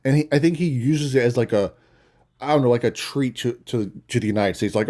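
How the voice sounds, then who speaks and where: A young commentator with a medium-pitched, darkish voice rants about politics into his phone at a fairly quick pace. He's casual and blunt, swearing often and tossing in mocking asides.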